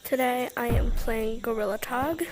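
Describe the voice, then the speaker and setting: A woman's voice: fairly high pitch, unhurried, faint music behind. A woman giving casual, chatty gameplay commentary, exclaiming and giggling to herself as she plays. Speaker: gaming vlogger.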